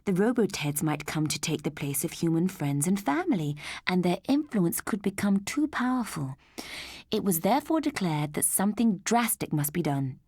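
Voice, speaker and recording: A woman narrating an audiobook story in a measured, gentle way. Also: on the low side, sing-song, husky, dry recording, studio quality.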